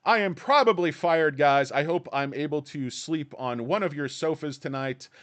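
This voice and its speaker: A man's voice: on the high side, moderate pace, a bit bright. Male stream host, casual and rambling, crude irreverent jokes between stock updates. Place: his office.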